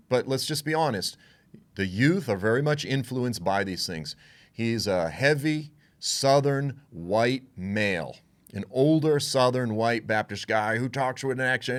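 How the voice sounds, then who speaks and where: A man giving a conversational Bible teaching, frank and animated, acting out what others would say. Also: mid-range voice, moderate pace. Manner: animated, frank, with asides and quoted voices.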